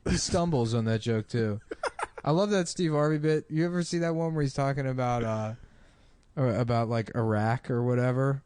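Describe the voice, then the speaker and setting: A man's voice: medium pitch, normal speed, a little mellow, clean tone, dry recording. A young man co-hosting a comedy podcast, rambling through a story with restarts. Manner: rambling, trails off and restarts, laughs at his own stories. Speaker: podcast co-host. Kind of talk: casual comedy chat.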